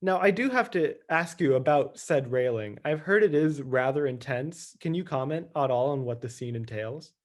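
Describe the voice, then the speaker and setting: A man co-hosting a podcast in casual chat, with a deadpan, teasing way of questioning. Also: mid-range voice, normal speed, few pauses. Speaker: podcast co-host.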